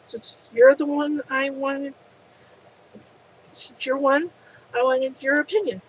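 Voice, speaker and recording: A woman's voice: high-pitched, steady tone, slow, a little hiss or hum, rough recording. A woman voicing an earnest young man asking for advice about a gift. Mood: eager.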